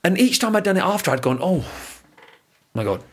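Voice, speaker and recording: Animated bloke leading breathing chat. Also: male voice, high-pitched, a little fast, breathy edge. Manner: animated, laughing, swears casually. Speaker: podcast co-host. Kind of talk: casual chat with guided breathing.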